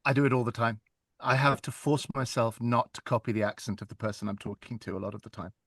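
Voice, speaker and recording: A man who narrates audiobooks chats casually in a mid-pitched voice, self-deprecating and quick to laugh. The recording is close and dry. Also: fairly bright tone, breathy edge, no room sound. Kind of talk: casual conversation.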